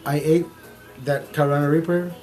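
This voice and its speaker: A middle-aged man hosting a stream, telling a story in casual, profane, animated talk, repeating phrases for emphasis. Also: a little high, moderate pace, soft background music. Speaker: streamer host.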